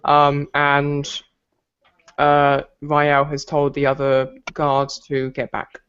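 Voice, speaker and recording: A man's voice: fairly high pitch, completely flat delivery, takes it slowly, fairly bright tone, smooth, highs cut off. A man running a tabletop game as game master, narrating at an easy pace with fillers.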